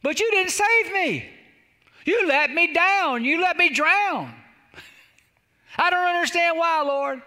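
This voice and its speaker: A man's voice: very high-pitched, unhurried, few pauses, sharp tone, full character voice. A preacher putting on a stubborn stranded man. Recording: long hall reverb.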